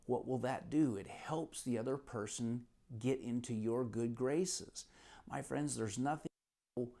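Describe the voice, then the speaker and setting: A man teaches lessons from a self-help book in a casual storytelling style. His voice is gravelly and dark, with a mellow tone. He retells earnestly and repeats himself often. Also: mid-range voice, measured pace.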